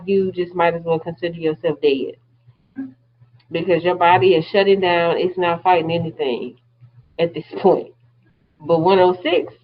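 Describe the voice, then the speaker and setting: A woman's voice: lowish voice, lo-fi sound. A woman teaching a class, explaining terms step by step in a plain-spoken way. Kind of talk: classroom lecture.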